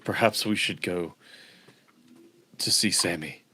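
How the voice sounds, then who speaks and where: A man playing in a tabletop game, talking in a slow, low-key way. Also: bright, forceful tone. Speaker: player. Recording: faint background noise.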